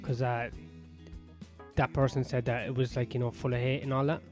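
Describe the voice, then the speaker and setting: Soft piano plays as an Irish-accented man rambles on his own podcast, offering crude, sardonic comedy full of swearing from his sauna-area home in west London. His voice is medium-pitched with little pitch movement, and he talks fairly quickly.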